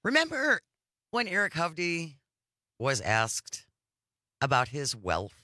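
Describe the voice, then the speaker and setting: Male talk radio co-host, animated delivery, crisp bright tone, dry studio. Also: on the high side, slow pace, no echo. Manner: lively, exclaiming agreement. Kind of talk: radio talk, reading news items and listener texts.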